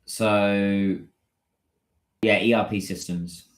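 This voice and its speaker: A British man with a low voice hosts a casual livestream, chatting with his viewers and answering their comments as they come in. His voice carries a roomy echo. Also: steady tone, drawn-out words. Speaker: livestream host.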